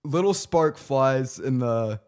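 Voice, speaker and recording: A young man co-hosting a podcast, telling a story with animated delivery and stumbling restarts. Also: medium pitch, slow, clear, resonant tone. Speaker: podcast co-host. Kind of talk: casual storytelling.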